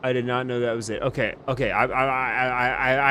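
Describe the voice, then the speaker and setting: A man doing a comedic role-play as an airline pilot in a flight game, panicky and profane, lurching between muttering and shouting. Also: medium pitch, fairly even intonation, a little fast, a little hiss or hum. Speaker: flight sim streamer.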